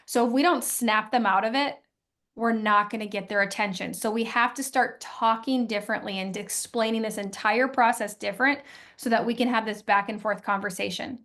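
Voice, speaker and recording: A woman's voice: a little high, steady tone, normal speed, fairly bright tone. A woman, a dental hygienist co-hosting a webinar, explaining patient communication in a casual, instructive way.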